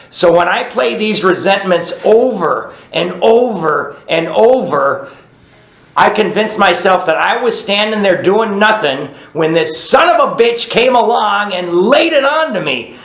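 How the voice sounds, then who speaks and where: A man's voice: sits high, a bit bright, roomy sound. A man leading a recovery study group, teaching in a plainspoken, conversational way and often checking in with "right?". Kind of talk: teaching a group through a book.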